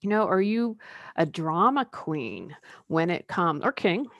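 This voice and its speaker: Low-voiced woman coaching in a podcast. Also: very animated, measured pace, fairly bright tone, dry recording. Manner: conversational, drops into mocking put-on quotes; candid, personal asides. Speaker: life coach and podcast host. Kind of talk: solo podcast monologue.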